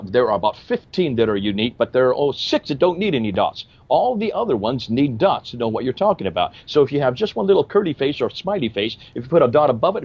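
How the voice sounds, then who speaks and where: A man's voice: mid-range voice, darkish tone, dull audio. A man explaining at length in a discussion, emphatic and fond of rhetorical questions. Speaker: Christian apologist explaining history. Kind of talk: lecturing discussion.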